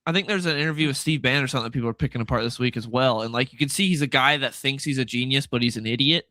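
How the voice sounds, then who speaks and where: A man's voice: mid-range voice, racing, bright, forceful tone, no room sound. A man on a live comics panel giving blunt, scornful opinions in casual chat, full of "like" fillers.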